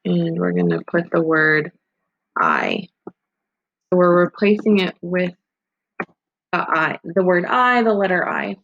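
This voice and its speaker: A woman teacher gives a recorded grammar lesson in a lowish, sing-song voice that's slow, creaky, a bit bright, and often paused. Patient and methodical, she walks step by step through examples shown on screen, in slightly dull lo-fi audio.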